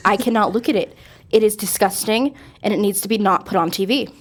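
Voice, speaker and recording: A woman's voice: mid-range voice, brisk. A young woman co-hosting a casual chat, teasing and unbothered. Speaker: co-host.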